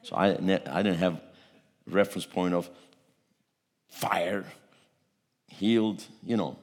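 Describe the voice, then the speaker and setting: A man's voice: deep voice, animated, measured pace, vocal fry, long pauses. A man preaching a testimony sermon, telling a story with repeated words and a voice that swells at its peaks.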